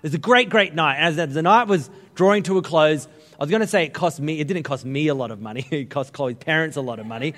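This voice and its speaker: A man's voice: fairly high pitch, quick pace, fairly bright tone, in a large hall. A man in his thirties, a pastor giving a conversational, humorous sermon with stories. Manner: conversational, humorous storytelling preaching.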